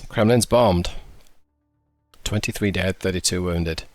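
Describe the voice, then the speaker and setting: A man's voice: sits low, measured pace, no echo, soft background music. A man commenting on a game, reading briefings aloud and adding dry, sarcastic asides. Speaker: gaming YouTuber. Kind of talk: casual gameplay commentary.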